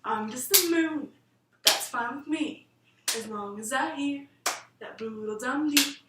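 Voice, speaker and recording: A woman voicing a big, kindly moon that speaks in a broad, soothing, unhurried way. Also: sits high, recorded from a distance, heavy background noise. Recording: roomy room, voice set back from the mic.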